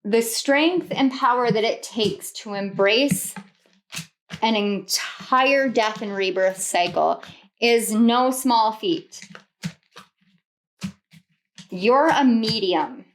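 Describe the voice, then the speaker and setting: A woman's voice: fairly high pitch, drawn-out words, long pauses, a little hiss or hum. A woman reading tarot cards to camera, earnest and rambling, often repeating herself and laughing. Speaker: tarot reader.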